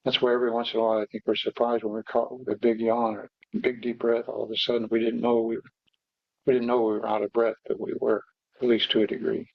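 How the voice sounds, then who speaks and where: A man teaching meditation, guiding breathing exercises slowly and haltingly, with pauses and fillers. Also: mid-range voice, monotone, gravelly, no echo. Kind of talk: guided breathing instruction. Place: meditation hall. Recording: dull, dry lo-fi recording.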